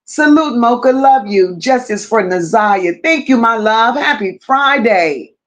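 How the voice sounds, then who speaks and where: Slow, high-voiced New woman hosting. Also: lively intonation. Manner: affectionate, greets viewers one by one and reads their comments aloud. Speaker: livestream host. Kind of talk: casual livestream chat.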